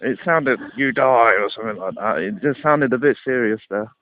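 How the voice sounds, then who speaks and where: A man's voice: medium pitch, fairly quick, dry recording. A man in a casual argument, insistent and repeating his point. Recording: tinny phone-like line.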